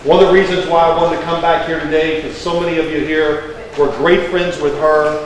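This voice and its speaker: A man's voice: a little high, level tone, a little fast, slight background noise. A man in his sixties with a Kentucky accent, giving a folksy, joking speech as guest of honor. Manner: folksy, joking, rambling anecdotes. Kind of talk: public speech. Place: large indoor hall. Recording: echoey hall, distant mic, faint background.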